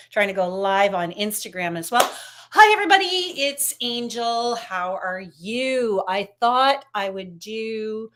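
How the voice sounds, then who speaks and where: Woman, psychic host, upbeat and chatty, phone livestream from home, mid pitch. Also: expressive, slow pace, a bit bright. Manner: chatty, upbeat, talks straight to viewers. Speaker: psychic reader hosting a livestream. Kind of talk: casual livestream chat with readings.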